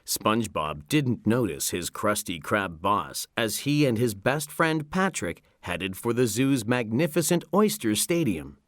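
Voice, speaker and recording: A man reading a children's story aloud in a slow, expressive narration. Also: lowish voice, no room sound, clean studio sound. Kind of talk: scripted narration.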